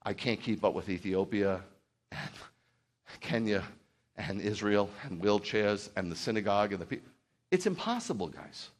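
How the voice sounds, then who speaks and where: A man's voice: fairly low pitch, expressive, normal speed. A middle-aged man preaching as a pastor in a church, heartfelt and rambling at first, then building to fervent exhortation. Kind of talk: sermon.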